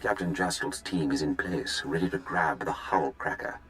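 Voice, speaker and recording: An actor voicing a cold, commanding Sith lord in a video game. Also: male voice, rumbling low, moderate pace, a bit bright, soft background music. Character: imperious Sith lord commanding his agent.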